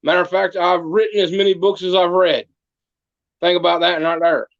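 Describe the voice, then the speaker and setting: A man's voice: high voice, steady tone, moderate pace, dry recording, highs cut off. A man, playing a small-town mayor who tells comic tall tales in an interview and does voices for the people in them. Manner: folksy tall-tale teller, doing voices for the people in his stories. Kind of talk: comic storytelling in a podcast interview.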